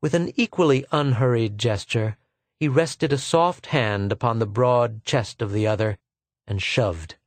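Male narrator, low and slow, dry studio read. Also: dry recording. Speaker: audiobook narrator. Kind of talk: scripted narration.

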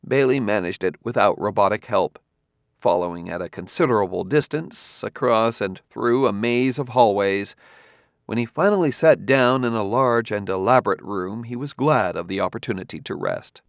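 A man giving measured, expressive scripted narration of a science fiction novel. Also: on the low side, vocal fry, no room sound, studio quality. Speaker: audiobook narrator.

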